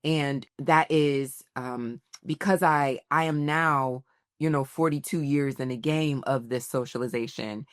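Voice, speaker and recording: A woman's voice: extremely low pitch, measured pace, no echo, clean studio sound. A woman in her forties, a podcast guest telling personal stories with lots of laughter and acted-out quotes. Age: 40s. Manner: animated storyteller, laughs often, acts out quotes. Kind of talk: casual storytelling interview.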